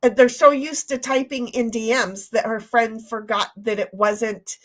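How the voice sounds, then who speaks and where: A woman's voice: on the high side, fairly even intonation, unhurried. A woman co-hosting a casual livestream chat, blunt, profane and playful. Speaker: stream co-host.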